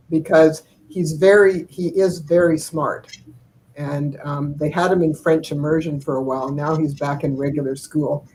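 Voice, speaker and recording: A woman's voice: low voice, darkish tone, slight background noise, poor audio. An older woman talks over a video call, spinning family anecdotes in a loose, rambling way. She chuckles between thoughts and leans on plenty of fillers. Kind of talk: casual storytelling chat.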